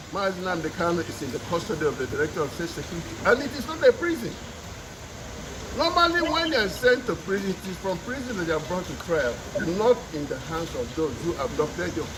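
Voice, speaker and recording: A man giving an emphatic, declamatory statement to reporters outdoors. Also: high voice. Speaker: spokesman giving a statement to the press. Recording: outdoor news clip with traffic noise.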